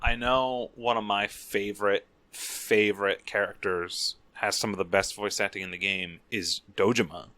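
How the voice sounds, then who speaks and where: Low, bright-toned man co-hosting a podcast. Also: steady tone, moderate pace, few pauses. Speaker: podcast co-host. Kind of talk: casual podcast chat about video games.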